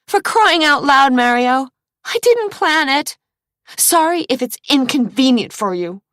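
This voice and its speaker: A woman's voice: steady tone, normal speed, darkish tone, husky, dry recording, studio quality. A woman reading aloud, voicing a young pregnant woman who speaks in a raised, tearful voice. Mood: angry. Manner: voice lifted higher and tearful.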